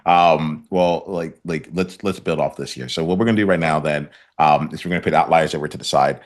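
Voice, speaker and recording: A man's voice: rumbling low, fairly quick. A man hosting a coaching podcast, talking in a rambling way with many fillers and restarts. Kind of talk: conversational coaching session.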